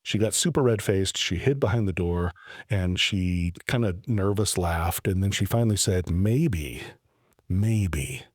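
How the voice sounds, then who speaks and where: A man in his forties hosting a podcast, telling a story about himself in an animated, self-deprecating way, with stammered restarts. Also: deep voice, moderate pace, no echo, clean studio sound. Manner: animated, self-deprecating storyteller who acts out his own past lines. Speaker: podcast host. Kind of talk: personal storytelling monologue.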